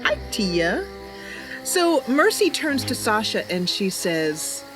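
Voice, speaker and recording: A woman host chats casually over her gameplay livestream, rambling and answering viewers' messages. She speaks slowly with a lively, rising and falling tone. Music plays behind her. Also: fairly high pitch. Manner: chatty, rambling, full of fillers, reads out chat. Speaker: streamer.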